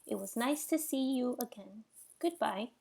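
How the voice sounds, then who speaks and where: A woman voicing a calm, polite female robot who speaks formally and carefully. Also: fairly high pitch, moderate pace, gravelly, slightly rough, heavily acted.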